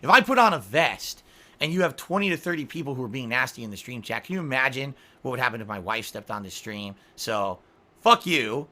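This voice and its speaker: A man's voice: mid-range voice, fairly quick. A man streaming from his home office, ranting in a profane, exasperated way. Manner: profane, exasperated, lively complaining.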